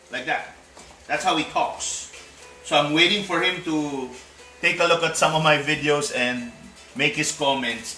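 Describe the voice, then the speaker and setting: A man's voice: a little high, pushed and bright, far from the mic. A man with a Filipino accent, chatting casually as he cooks on a live stream, slipping Tagalog words into his English. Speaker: home cook. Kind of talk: live-streamed cooking chat. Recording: echoey room, voice off-mic, faint music.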